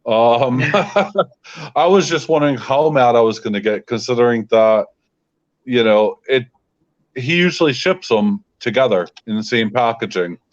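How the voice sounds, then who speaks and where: A man's voice: mid-range voice, measured pace, highs cut off. A man, a guest in a casual chat, venting his frustration with lots of fillers. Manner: frustrated ranting with many fillers.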